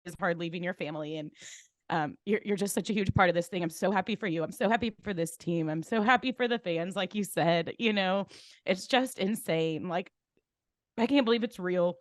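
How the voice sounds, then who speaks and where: A woman's voice: fairly low pitch, brisk, dry recording, clean studio sound. A woman co-hosting a podcast, gushing and rambling with lots of fillers. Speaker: podcast co-host. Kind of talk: casual chat.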